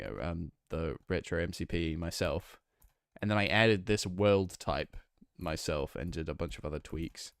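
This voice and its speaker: Deep-voiced young northwest English streamer. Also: male voice, clear, resonant tone, no room sound, studio quality. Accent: northwest English, close to Manchester. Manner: chatty and rambling, reads chat aloud, frequent restarts. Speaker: game streamer. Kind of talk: casual live-stream chat while playing.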